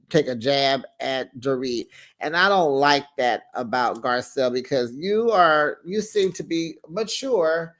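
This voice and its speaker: Animated reality TV recap host, mid-pitched. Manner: animated, talks straight to the show's cast; acts out cast members' lines in quick put-on voices. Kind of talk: casual commentary.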